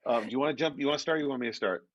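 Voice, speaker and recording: A man's voice: mid-range voice, racing, no room sound. A man reviewing songs for a music platform in casual chat, rambling and repeating words as he searches for them. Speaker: A&R song reviewer. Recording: dull, muffled dry sound.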